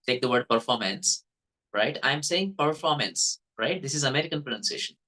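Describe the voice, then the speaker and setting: A man's voice: medium pitch, pushed and bright, low-quality recording. A man with a Telugu-influenced Indian English accent, teaching English pronunciation in a casual spoken lesson and often checking in with "okay, right?". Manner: repeats "okay, right?" and "you know", demonstrates sounds.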